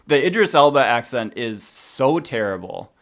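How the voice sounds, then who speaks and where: Co-hosting a podcast, a man chats casually and with firm opinions about a film, dropping in quick asides. His medium-pitched voice has a sing-song, creaky quality.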